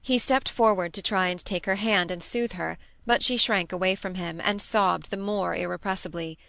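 A woman giving a steady, even reading as an audiobook narrator. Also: lowish voice, normal speed, vocal fry, no echo. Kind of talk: scripted narration.

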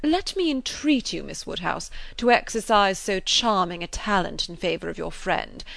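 A woman reading the part of a gallant young gentleman suitor, effusive and fawning in his compliments, in a dry recording. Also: medium pitch, lively intonation, normal speed, creaky, no room sound. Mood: flattering.

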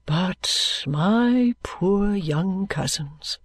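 A woman lowers her voice into a kindly older gentleman, the steady guardian of a storybook household. He speaks slowly and evenly, deep and unhurried, in a dry, close recording with no room sound. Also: no room sound, heavily acted. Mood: calm.

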